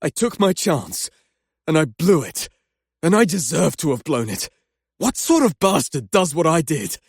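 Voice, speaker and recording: A man's voice: fairly high pitch, big pitch swings, a little slow, vocal fry, breathy edge, dry recording, studio quality, heavily acted. An actor playing an anguished young male doctor, ranting in guilt and swearing at himself in an audiobook. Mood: guilt-ridden. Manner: swearing outbursts, self-loathing rants. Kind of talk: audiobook character acting.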